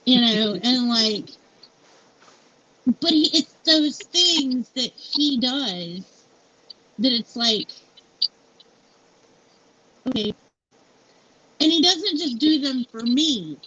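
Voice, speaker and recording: A woman's voice: high voice, lively intonation, drawn-out words, long pauses, pushed and bright, breathy edge. A middle-aged woman interviewed as a guest, candidly telling a personal story with many fillers. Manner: candid and heartfelt, many fillers like "like" and "you know". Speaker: founder and CEO interviewed as guest. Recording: dull lo-fi sound with faint noise.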